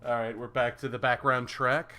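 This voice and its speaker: A man's voice: medium pitch, little pitch movement, normal speed, bright, forceful tone, faint music behind. A man chatting casually while livestreaming a game, often stammering and repeating words as he searches for them. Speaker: streamer.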